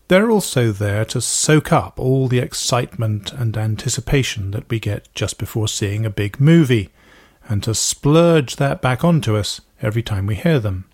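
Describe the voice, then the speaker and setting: Gravelly man explaining music. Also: mid-range voice, a little mellow. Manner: thoughtful, measured, explaining. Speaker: podcast host. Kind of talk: explanatory talk about music.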